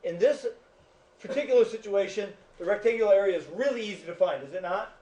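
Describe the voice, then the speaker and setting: Male teacher, high voice, lecturing a class in a chatty, joking way, echoey room, far-off mic. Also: expressive, fast talker, warm tone. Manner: chatty, jokes with students.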